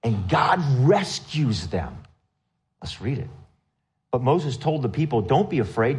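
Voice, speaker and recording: Animated male preacher telling a story. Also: medium pitch, measured pace, long pauses. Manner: animated storytelling, acts out quotes in raised voice; asks the congregation questions. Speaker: pastor. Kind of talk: sermon.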